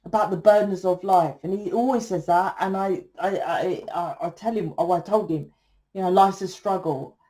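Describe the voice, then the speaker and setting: A woman talking through a casual tarot reading, blunt and salty, often checking in with a quick "right?". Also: fairly low pitch, mellow. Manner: blunt, swears freely, keeps asking "right?". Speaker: tarot reader.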